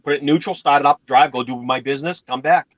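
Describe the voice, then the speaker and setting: A man's voice: mid-range voice, steady tone, fast, no echo, lo-fi sound. A man from Massachusetts chatting casually, rambling through stories and swearing now and then. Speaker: channel host. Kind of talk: casual chat.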